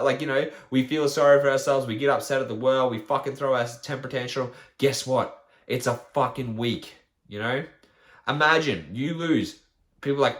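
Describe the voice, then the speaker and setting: A man's voice: medium pitch, animated, brisk, fairly bright tone. A man, a fitness trainer, ranting bluntly and profanely on his solo podcast. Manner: blunt, profane, rants with mocking quoted voices.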